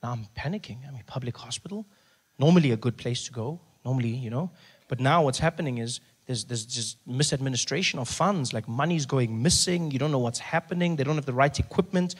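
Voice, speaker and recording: A man telling a stand-up story, animated and acting out scenes. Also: medium pitch, breathy edge. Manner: animated, fast, acts out scenes. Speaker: stand-up comedian.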